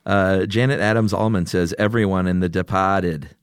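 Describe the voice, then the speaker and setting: A man with a deep, low-pitched voice chats casually as a podcast co-host, reading out listener suggestions and laughing easily. The sound is dry and close, with no room around it. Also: steady tone, normal speed, clear, resonant tone, no room sound. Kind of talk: casual chat.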